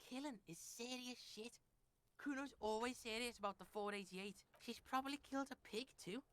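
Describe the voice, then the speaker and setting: A woman's voice: on the high side, fairly quick, fairly bright tone, natural voice. A woman voicing a brash foul-mouthed street kid. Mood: boastful. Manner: cocky, talks about himself in third person. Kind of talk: video game voice acting.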